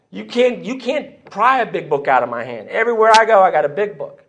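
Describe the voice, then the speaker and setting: Man, speaker at a podium, animated storytelling, acts out quotes, slightly higher pitch. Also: brisk, hardly any pauses. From Texas. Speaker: AA speaker sharing his story. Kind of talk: storytelling talk at a conference. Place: church hall.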